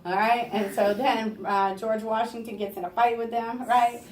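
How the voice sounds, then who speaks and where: A woman teacher running a review lesson for her class, lively and chatty, pitched a touch high. She is recorded from across an echoey classroom, with faint room noise behind her. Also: normal speed, recorded from a distance. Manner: lively, talks to students, keeps asking "right?". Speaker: history teacher.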